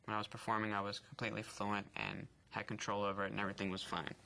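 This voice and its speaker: A man's voice: on the low side, monotone, fast, vocal fry, bright, forceful tone. A man in his thirties, an actor, telling his own story in a candid, reflective way, with stutter blocks and repeated sounds. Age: 30s. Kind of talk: personal interview testimony.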